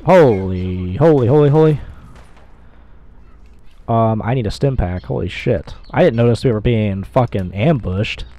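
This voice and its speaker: A young man giving excitable, profanity-heavy commentary while playing a video game, with frequent loud outbursts. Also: fairly low pitch, normal speed, few pauses. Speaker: gamer. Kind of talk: let's play commentary.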